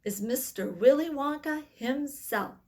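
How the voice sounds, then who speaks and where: A woman reading aloud, voicing an older grandfather who stammers when excited. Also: high voice, a little slow, pitched above the performer's own voice. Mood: proud. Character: old grandfather, fond and excitable.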